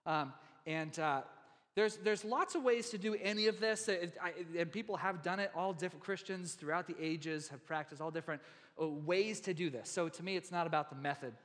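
A man preaching a sermon to his church in a relaxed, conversational way, with many fillers and restarts. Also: high-pitched, a little fast. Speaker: pastor. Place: church sanctuary. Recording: long hall reverb in a church.

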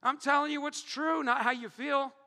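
A married man preaching a sermon to his congregation, joking and swinging between loud calls and hushed asides. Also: extremely high pitch, fairly even intonation, moderate pace, gravelly. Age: adult, married. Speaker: pastor. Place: church hall before a congregation. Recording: long hall reverb.

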